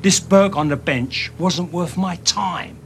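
A hardened ex-con with a thick Cockney accent talks in a slow, slangy, street-tough way, cool and menacing. His voice sits a touch high for a man, and he takes his time with every threat. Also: vocal fry, slight background noise, heavily acted. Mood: coolly menacing. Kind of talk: film acting.

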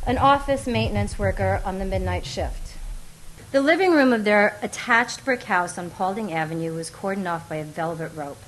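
A woman reading a memoir aloud, with a wry, expressive delivery that often breaks into laughter. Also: medium pitch, rough recording. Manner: wry and expressive, often laughing through lines, acts out quoted voices. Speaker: audiobook narrator. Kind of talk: memoir narration.

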